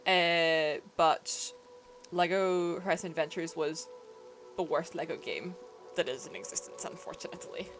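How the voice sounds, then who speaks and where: A woman with a low, somewhat bright voice streams a video game at a moderate pace, faint music playing behind her. She chats casually, reacts to the game, and greets viewers in a playful, self-deprecating way.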